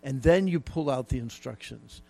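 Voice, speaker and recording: A man's voice: medium pitch, moderate pace, creaky, mellow, no echo. A middle-aged man preaching a folksy, emphatic sermon with jokes and repetition. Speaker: pastor.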